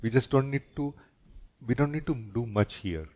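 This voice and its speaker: A man, a spiritual teacher, giving a gentle and reflective satsang talk, often closing his sentences with a questioning "no?". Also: medium pitch, expressive, moderate pace.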